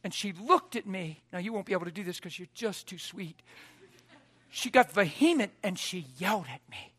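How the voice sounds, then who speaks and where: A high-voiced man preaches a storytelling sermon with a bright, ringing tone. He drops to soft, hushed quoted lines, then climbs to loud, near-shouted exhortation. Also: lively intonation, normal speed, breathy edge.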